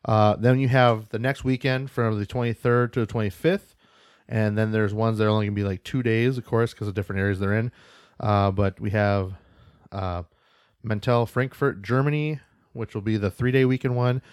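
A man's voice: on the low side, steady tone, normal speed, smooth, no room sound, studio quality. A man co-hosting a casual podcast, reading out news and events with loose, joking asides and casual swearing. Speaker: podcast co-host.

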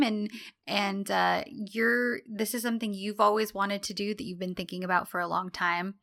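A woman's voice: mid-range voice, steady tone, normal speed, vocal fry, a bit bright. A woman co-hosting a casual recap chat, giggling and acting out quotes as she gushes. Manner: giggly, gushing, acts out quotes. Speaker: podcast co-host recapping a TV drama.

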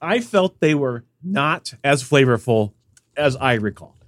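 With a medium-pitched voice and an unhurried delivery, this co-host sounds clean and studio-recorded with no room sound. He trades jokes with his partner on a casual podcast, lively despite sneezing and sniffles.

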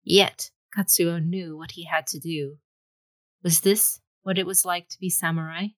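A woman's voice: lowish voice, steady tone, a little slow, no room sound, low-quality recording. A woman reading a fantasy story aloud with dramatic storytelling. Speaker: audiobook reader. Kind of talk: scripted fantasy narration.

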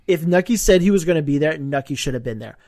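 A man with a fairly high voice rambles through a casual recap, swearing freely and breaking into laughs. The sound is close and dry. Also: expressive, a little mellow, dry recording. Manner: rambling, profane, quick to laugh. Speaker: podcast co-host.

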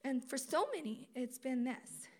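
Woman, high voice, sermon, conversational preaching, animated delivery, acts out quotes. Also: a little slow. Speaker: speaker at a campus ministry conference.

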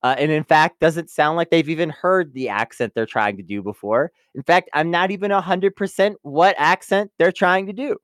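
A man's voice: fairly high pitch, moderate pace, hardly any pauses, fairly bright tone, dry recording, clean studio sound. A man co-hosting a casual review podcast, laughing often and stumbling over his words. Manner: laughs a lot, stammers, playful mock voices. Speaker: podcast co-host.

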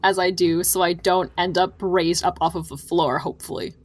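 A woman's voice: fairly low pitch, steady tone, normal speed. Woman player describing her moves. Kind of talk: casual tabletop play.

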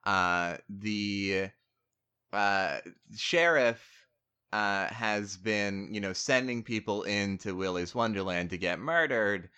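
A man's voice: lowish voice, slow pace, pushed and bright, smooth. A man in casual chat about a movie, rambling with lots of fillers and the odd swear word.

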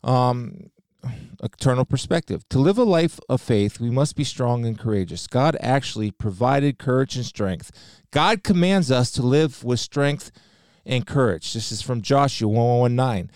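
A man's voice: medium pitch, lively intonation, a little slow, darkish tone, clean tone, no echo, clean studio sound. A middle-aged man giving an earnest spoken devotional talk, quoting scripture and sharing a personal story. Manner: earnest, preacherly, quotes scripture. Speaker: speaker sharing faith.

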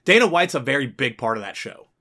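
Bright-voiced man ranting on a podcast. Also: mid-range voice, big pitch swings, fast. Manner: heated, swearing rants. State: sick. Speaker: podcast co-host. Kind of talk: casual podcast chat.

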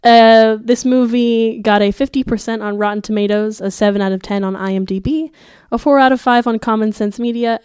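Young woman, podcast host, sick and muffled, chatty with fillers, smooth voice, dry close sound. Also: medium pitch, mellow, no echo. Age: young adult. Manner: chatty, many fillers, upbeat. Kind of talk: casual podcast chat. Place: school library.

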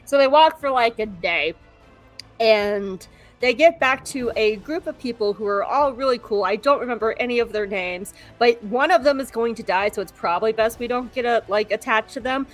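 Animated young woman recapping a show. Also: on the high side, moderate pace, soft background music, rough recording. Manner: animated, jokey, switches into voices. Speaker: podcast co-host. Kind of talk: casual recap chat.

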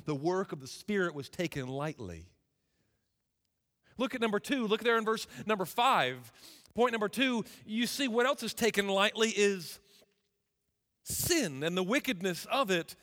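A man preaching a sermon as a guest preacher, impassioned and swinging from loud declarations to hushed, intimate asides. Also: high voice, expressive, normal speed. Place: church sanctuary. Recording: reverberant church hall.

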